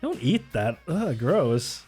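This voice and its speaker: A man's voice: medium pitch, sing-song, slow pace, darkish tone, slightly rough, soft background music. A man streaming live, reacting to videos with sarcastic, swear-laden commentary and frequent laughs, close to the mic.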